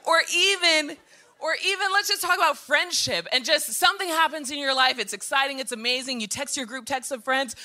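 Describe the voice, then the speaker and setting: Woman pastor, sermon, high bright voice, animated, rising to shouts. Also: moderate pace, long pauses. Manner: animated, laughing, building to shouted passages.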